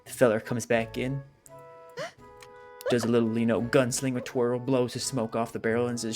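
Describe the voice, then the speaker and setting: A man telling a long joke story in character, slow and unhurried, acting out each person in it. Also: mid-range voice, fairly even intonation, a little mellow, soft background music. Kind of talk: drawn-out joke told in character.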